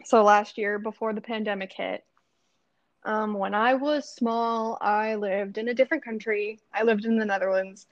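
A woman's voice: mid-range voice, steady tone, normal speed, dry recording. A young woman in her college years chats casually on a podcast. Her voice comes through a slightly dull, muffled recording with a dry, close sound. She talks in an easygoing way. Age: young adult. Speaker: podcast co-host. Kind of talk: casual chat.

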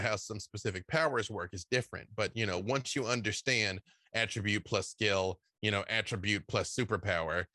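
A man's voice: lowish voice, a little fast, sharp tone, no room sound, studio quality. A tired man talking casually as an interview guest, rambling and filling his talk with "you know". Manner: tired after a long day. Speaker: guest game designer. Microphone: video call.

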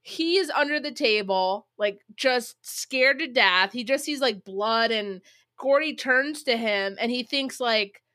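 Female podcast co-host, eager casual film talk, bright and close-miked. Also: fairly high pitch, a little slow, dry recording. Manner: enthusiastic, chatty, swears casually. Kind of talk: casual chat.

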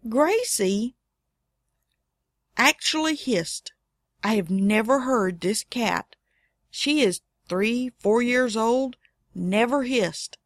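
A middle-aged woman telling a funny personal story in a casual way, with wry deadpan asides. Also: a little high, dry recording, clean studio sound.

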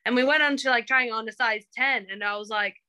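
Casting: chatty young woman, fairly high, forceful bright tone, interview guest. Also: a little fast, clear, resonant tone, rough recording. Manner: chatty, acts out quoted remarks. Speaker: coaching client. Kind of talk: casual interview.

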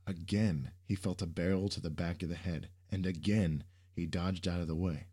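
A man reading an action story aloud in steady scripted narration. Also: deep voice, moderate pace, husky.

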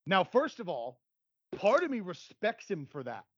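Man, podcast co-host, energetic casual chat, lo-fi sound. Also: sits high, moderate pace, husky.

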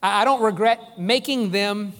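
High-voiced pastor preaching in an echoey hall. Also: male voice, moderate pace, a bit bright. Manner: earnest, emphatic preaching with repeated phrases. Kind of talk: sermon. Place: church sanctuary.

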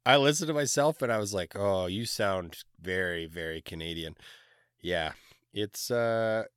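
A man's voice: lowish voice, unhurried, fairly bright tone, smooth, no echo, studio quality. A man in his thirties co-hosting a podcast, chatting casually with enthusiasm and a fondness for swearing. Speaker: podcast co-host. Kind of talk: casual chat.

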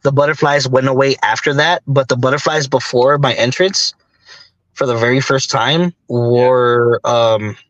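A man being interviewed as a wrestler, telling stories in a casual, animated way and laughing often. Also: medium pitch, measured pace, dull audio. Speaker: wrestler, guest.

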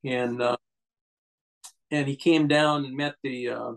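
A man's voice: mid-range voice, steady tone, takes it slowly, creaky, low-quality recording. A man, a guest on an interview show, telling rambling anecdotes with many restarts and fillers. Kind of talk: casual storytelling interview.

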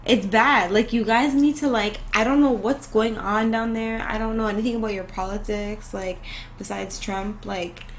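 A young woman, co-hosting a podcast in casual, slangy, animated chat. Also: mid-range voice, moderate pace, slight background noise, poor audio. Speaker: podcast co-host.

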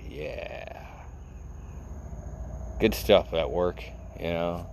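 A man's voice: sits low, lively intonation, normal speed, slight background noise. A man in a casual vlog, rambling and sarcastic, full of "you know" as he tells a story. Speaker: vlogger. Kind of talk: casual rant.

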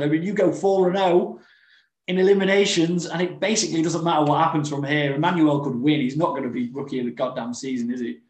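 A man's voice: fairly high pitch, fairly even intonation, brisk. A man co-hosting a podcast in casual chat, rambling with many restarts and fillers. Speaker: podcast co-host. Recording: roomy echo.

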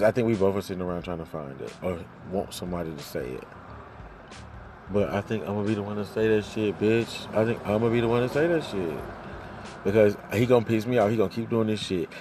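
A man venting in a heated, profane monologue, jumping loud and high then sinking low, recorded on a phone. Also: a little hiss or hum. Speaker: vlogger ranting to camera.

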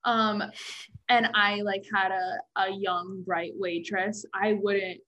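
A woman co-hosting a podcast, chatting casually with quick reactions and jokes. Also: mid-range voice, level tone, bright, forceful tone, muffled recording. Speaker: podcast co-host. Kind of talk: casual chat.

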